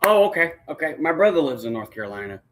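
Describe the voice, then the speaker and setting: A man's voice: fairly high pitch, big pitch swings, fast, noisy background. Encouraging man hosting an interview. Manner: encouraging, with frequent short affirmations and long rambling questions. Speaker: podcast host. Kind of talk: casual interview conversation.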